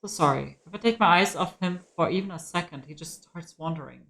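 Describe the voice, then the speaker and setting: A woman's voice: fairly low pitch, brisk, a bit bright. A woman voicing a flustered daughter who is apologetic and exasperated about her wandering father.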